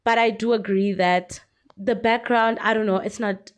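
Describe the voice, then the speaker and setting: A woman's voice: a little high, steady tone, normal speed. A young South African woman giving frank, chatty commentary on a vlog. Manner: chatty, frank, lots of fillers and laughs. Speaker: YouTuber commentator.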